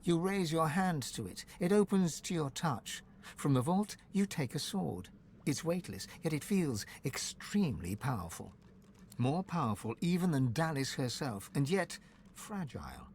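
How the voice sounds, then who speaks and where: A man narrating a fantasy game in an expressive, scripted storybook delivery. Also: on the high side, unhurried, slight background noise.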